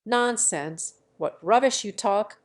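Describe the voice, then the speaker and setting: A brusque, impulsive noblewoman and mother, read by a woman who scolds and commands abruptly. The audiobook delivery is slow and measured. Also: mid-range voice, lively intonation.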